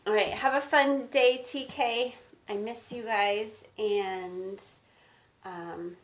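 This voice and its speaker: A woman teacher reading a picture book aloud to children, animated and stopping to ask them questions. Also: mid-range voice, slow pace, poor audio. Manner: animated, asks listeners questions.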